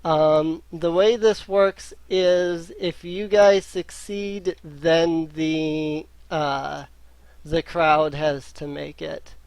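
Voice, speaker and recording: Male game master, slow and halting, slightly high voice, dry close sound. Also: fairly even intonation, a little mellow, clear, resonant tone, no room sound. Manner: hesitant, many ums. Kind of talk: running a tabletop game.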